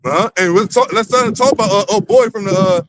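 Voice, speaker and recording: Man, high voice, casual profane Bible teacher, noisy livestream mic. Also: brisk. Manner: loose and profane, lots of fillers and restarts. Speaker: lead teacher of a religious camp.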